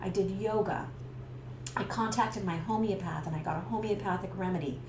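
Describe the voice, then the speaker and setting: Her mid-range voice moves at normal speed as this Canadian woman of middle age relates a personal story straight to camera. A stress coach and business owner, she dramatizes the scenes like a lively storyteller. The sound carries a roomy echo over faint background hiss.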